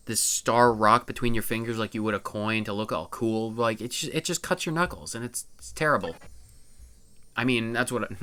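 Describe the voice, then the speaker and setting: A man's voice: lowish voice, sharp tone. A man voicing a sheepish, rambling plumber hero in a video game, stumbling over his words. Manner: rambling, hesitant with restarts.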